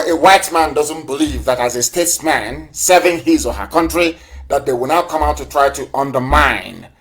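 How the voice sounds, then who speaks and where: A man giving a fiery live broadcast address as a movement leader, full of repetition and rhetorical questions. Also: a little high. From southeastern Nigeria.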